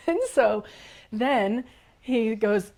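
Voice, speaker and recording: Woman telling a story, giggly and animated. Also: mid-range voice, moderate pace. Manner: animated storytelling, giggly, acts out quotes, drops to whispers. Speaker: leadership coach, guest. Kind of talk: personal storytelling in a podcast interview.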